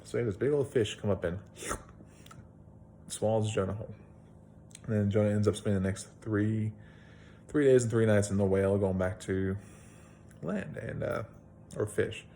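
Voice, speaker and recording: Gravelly low-voiced man telling a Bible story. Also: normal speed, long pauses, dark tone, slight background noise. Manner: plain-spoken, rambling storyteller with fillers and restarts. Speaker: video blogger retelling a Bible story. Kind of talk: casual Bible talk.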